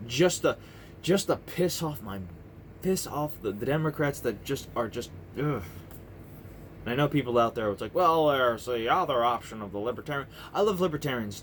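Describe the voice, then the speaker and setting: A man's voice: medium pitch, very animated, normal speed, slight background noise. A man in his thirties ranting to camera in a heated, profane, rambling monologue full of restarts. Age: 30s. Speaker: vlogger. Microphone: camera mic.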